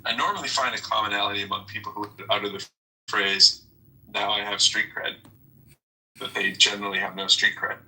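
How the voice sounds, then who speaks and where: A man with a very bright, sharp tone and a slightly low pitch, chatting casually. He hesitates, stops, and repeats words as he hosts. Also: steady tone, a little fast, recorded from a distance, rough recording. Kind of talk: casual chat.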